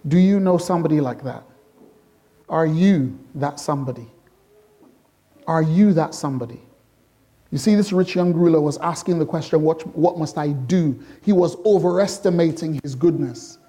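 A middle-aged male pastor preaching a sermon, asking the congregation repeated rhetorical questions and moving between slow, emphatic lines and quick bursts. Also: a little high, mellow.

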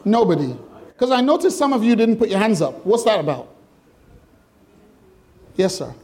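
His high voice has a darkish tone, and he speaks at normal speed but with great animation: a pastor giving an interactive sermon to his congregation in a church hall. He's talkative and humorous, throwing out questions and teasing the room.

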